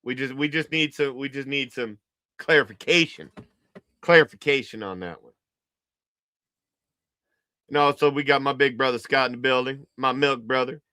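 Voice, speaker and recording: A man's voice: medium pitch, steady tone, normal speed, pauses often, bright, forceful tone, no echo. A man hosting a livestream, giving casual, joking reaction commentary and repeating his phrases. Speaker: livestream host.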